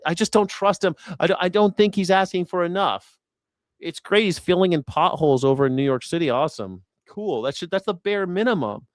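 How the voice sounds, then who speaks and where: A man's voice: mid-range voice, no room sound, studio quality. A man hosting a news reaction show, ranting about politics in a crude, sarcastic, mocking way with lots of swearing. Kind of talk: profane political commentary rant.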